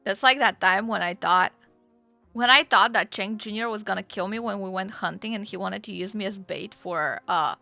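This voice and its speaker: A woman's voice: medium pitch, normal speed, vocal fry, no echo, faint music behind. A woman streaming a roleplay game, chatting casually and swearing freely while she plays. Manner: chatty, excitable, swears freely, laughs often.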